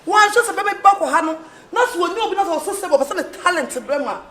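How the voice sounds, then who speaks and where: A man's voice: very high-pitched, expressive, fast talker, reverberant, a crowd in the background. A man bantering in a comedy skit, laughing and teasing.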